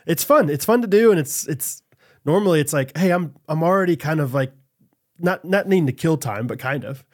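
A man's voice: on the high side, animated, brisk, a little mellow. A man in his thirties co-hosting a podcast, chatting casually, rambling and laughing often. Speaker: podcast co-host. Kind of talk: casual chat.

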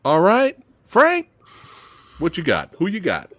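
Man, host, casual panel chat, lively animated pitch, jokey. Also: takes it slowly, no echo. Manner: lively, jokey, runs the vote.

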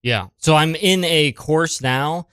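A man's voice: fairly high pitch, takes it slowly, a bit bright, clear, resonant tone, dry recording, studio quality. A man, a guest improviser on a comedy podcast, talking casually and rambling with lots of "like". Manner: rambling, hedging with "like". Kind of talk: casual chat and improv scene.

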